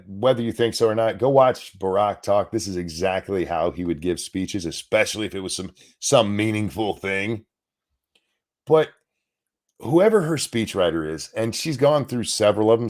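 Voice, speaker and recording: A man hosting a show, giving sarcastic, mocking commentary over news clips, his voice swinging between loud and soft. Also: low voice, lively intonation, moderate pace. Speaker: show host.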